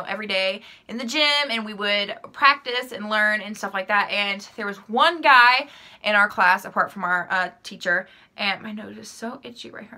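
A woman's voice: mid-range voice, pushed and bright. A young woman vlogging casually, rambling through personal questions with lots of "like" and "um" and easy self-deprecating laughs. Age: young adult. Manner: chatty, rambling, full of "like" and "um". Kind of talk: casual chat answering questions.

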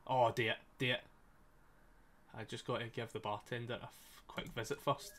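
Bright-voiced sweary streamer. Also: male voice, mid-range voice, moderate pace, slight background noise. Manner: excitable, sweary, laughs often. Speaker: gaming streamer. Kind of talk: casual let's-play commentary. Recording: faint game music behind.

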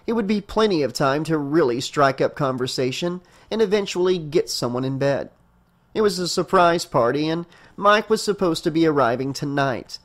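A male audiobook narrator reading a horror novel aloud. His voice sits a little high for a man, and he keeps a steady storytelling pace. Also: normal speed.

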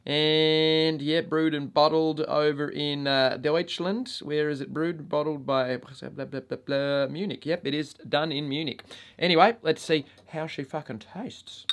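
A man's voice: a little high, flat delivery, measured pace, fairly bright tone. A man with an Australian accent hosting a casual review vlog, swearing constantly in a blokey, joking way. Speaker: vape reviewer and channel host.

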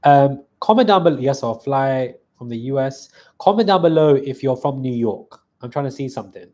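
A man's voice: medium pitch, lively intonation, normal speed, mellow. A man hosting a live stream in a casual chat, reading out viewer comments, thanking viewers and answering them on the fly.

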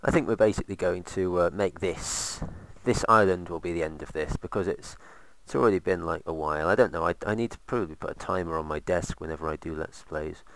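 Deep gravelly man rambling. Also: fairly quick, hardly any pauses, fairly bright tone, a little hiss or hum. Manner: rambling, sarcastic asides. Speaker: let's play host. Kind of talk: casual gameplay commentary.

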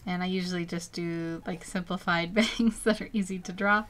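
A woman's voice: lowish voice, fairly even intonation, normal speed, fairly bright tone. Giggly, rambling woman chatting while sketching. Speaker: artist streaming a live drawing session. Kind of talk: casual live-stream chat while drawing.

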